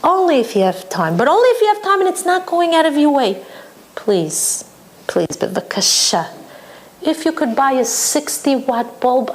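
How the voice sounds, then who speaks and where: A woman's voice: high voice, pitched above the performer's own voice. A woman voicing a doting older Sephardic mother who coaxes her son with sweet endearments. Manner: sweet, coaxing, heaping endearments.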